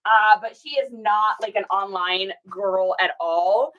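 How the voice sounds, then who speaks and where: A woman's voice: medium pitch, takes it slowly, fairly bright tone, highs cut off. A woman hosting a casual live stream while shipping orders, chatting folksily, telling stories and reading viewer comments aloud. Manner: folksy, says y'all.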